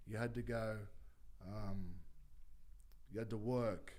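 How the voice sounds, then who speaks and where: Low-pitched Australian man, former rugby league player, casual rambling chat, lots of fillers and swearing. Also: steady tone, slow pace, darkish tone. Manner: rambling, swears freely, many fillers and restarts.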